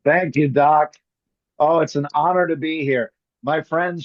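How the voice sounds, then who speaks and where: A man with a high, bright-pitched voice riffs through a comic bit on a video call, tossing in quick impressions. The sound is dry and close but a little dull, like webcam audio. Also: no echo. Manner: rapid comic riffing with bits of mimicry. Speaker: guest magician.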